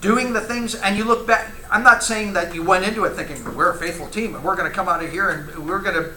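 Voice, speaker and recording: A man's voice: sits high, fast talker, few pauses, sharp tone, a little hiss or hum. A man teaching a church Bible class, talking with the class, asking questions and reading scripture aloud. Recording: echoey room, faint ambience.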